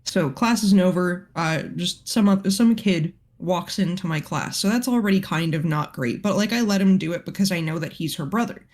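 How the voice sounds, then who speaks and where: A woman's voice: fairly low pitch, normal speed, few pauses, darkish tone. A woman, an art teacher, casually telling a story to friends, chatty and swearing freely with lots of fillers.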